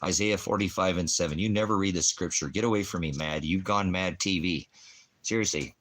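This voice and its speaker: A man with a deep, low voice rants on a livestream, hurling profane insults at people in his chat. He mocks them with crude jokes, then cuts into talk about scripture. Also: fairly quick, fairly bright tone. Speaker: livestream ministry host. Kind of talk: livestream rant answering chat.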